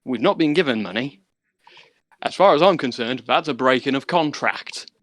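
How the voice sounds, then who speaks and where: A man's voice: medium pitch, animated, normal speed, a bit bright, dry recording, natural voice. A man voicing a blunt, surly mercenary. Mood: indignant. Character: surly male mercenary demanding his pay.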